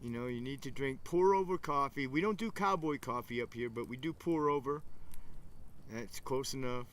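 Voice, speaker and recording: A man's voice: medium pitch, moderate pace, fairly bright tone. A man hosting a casual fireside livestream outdoors, rambling enthusiastically and talking to viewers in the chat. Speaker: livestream host. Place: outdoors by a campfire.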